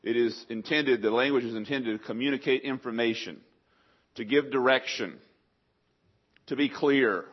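A middle-aged male pastor preaching a sermon, animated, with sudden loud acted outbursts. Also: medium pitch, moderate pace, pauses often. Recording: slightly dull lo-fi sound.

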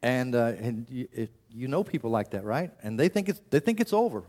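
A man's voice: medium pitch, lively intonation, a little fast, hardly any pauses, a little mellow. A man preaching a sermon in a conversational way, often restarting his sentences and acting out quotes. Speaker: pastor.

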